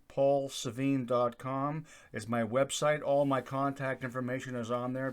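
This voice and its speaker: Loud, rambling man hosting his channel. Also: medium pitch. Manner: loud, projecting voice with frequent "uh" fillers. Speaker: YouTube channel host. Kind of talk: casual rambling monologue. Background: accordion folk music playing faintly.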